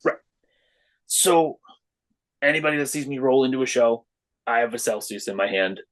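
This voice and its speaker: A man's voice: normal speed, poor audio. A middle-aged man, a wrestler guesting on a podcast, chatting casually and acting out the voices in his stories. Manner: storytelling, acts out quoted voices with lively pitch jumps. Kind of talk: casual chat.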